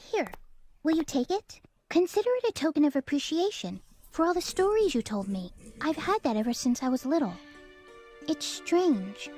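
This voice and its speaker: Margaret, a gentle young woman. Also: high voice. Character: gentle polite young woman, kindly older sister. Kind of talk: video game voice acting.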